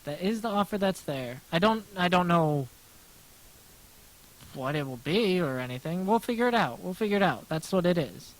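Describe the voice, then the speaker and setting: An American man with a soft, smooth voice chats loosely with his livestream viewers while drawing. He rambles, repeats himself and pokes fun at himself as he answers their questions one after another. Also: high-pitched, expressive, normal speed, rough recording. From United States. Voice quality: gentle smooth voice. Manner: rambling, self-deprecating, answers chat aloud. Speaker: livestreaming artist.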